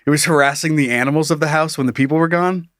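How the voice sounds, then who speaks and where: A man's voice: on the high side, steady tone, quick pace, a bit bright, no echo, studio quality. A man co-hosting a comedy podcast, chatting casually, laughing a lot and acting out silly voices. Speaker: podcast co-host.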